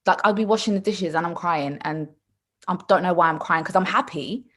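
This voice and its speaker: A woman's voice: fairly low pitch, a little fast. A young woman chatting casually on a podcast, telling stories animatedly and acting out what others said. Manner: animated storytelling, laughs often, acts out quotes. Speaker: podcast co-host. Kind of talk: casual chat.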